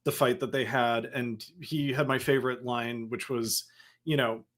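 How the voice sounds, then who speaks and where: A man's voice: medium pitch, little pitch movement, a little slow, fairly bright tone. A man co-hosting a podcast in casual chat, agreeable and wry, laughing easily. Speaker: podcast co-host.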